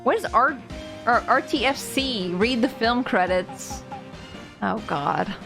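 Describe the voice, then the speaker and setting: A woman with a slightly high, creaky voice talks slowly over music while livestreaming a game. She chats and reads the game's dialogue aloud, giggling and breaking into loud, excited outbursts.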